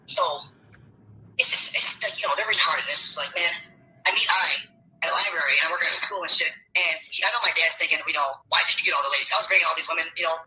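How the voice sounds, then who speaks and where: A man's voice: a little high, fast talker, pushed and bright, a little hiss or hum, rough recording. A man telling a rambling personal story in a played clip, full of filler words and swearing.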